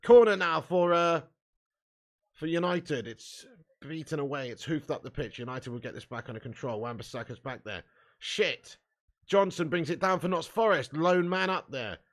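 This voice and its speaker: A man hosting a live fan watch-along, commentating excitably, swearing freely and shouting at chances. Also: on the high side, moderate pace.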